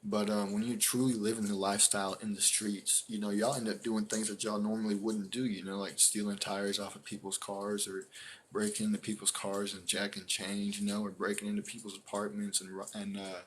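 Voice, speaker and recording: A man tells a story to his live stream audience in an easygoing, rambling way, full of fillers and restarts. His voice sits somewhat low, and he acts out what others said along the way. A faint background hiss runs under the recording. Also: little pitch movement, fairly quick.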